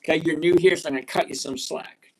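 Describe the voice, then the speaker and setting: A man in his sixties hosting a live stock-trading chat, blunt and emphatic, repeating key points slowly. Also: on the high side, fairly even intonation, darkish tone. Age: 60s. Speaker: livestream host.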